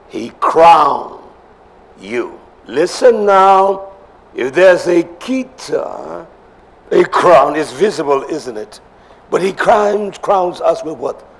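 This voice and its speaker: A male preacher delivering an emphatic sermon, swinging between shouts and low murmurs and repeating phrases for emphasis.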